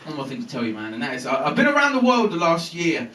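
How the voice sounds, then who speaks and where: A man telling comedy stories on stage, swearing freely and slipping into voices. His voice is bright and high, swinging up and down. It sounds like a bootleg recording from far back in a roomy club. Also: quick pace, a little hiss or hum. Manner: swearing, animated storytelling with voices. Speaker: stand-up comedian. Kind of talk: live stand-up set.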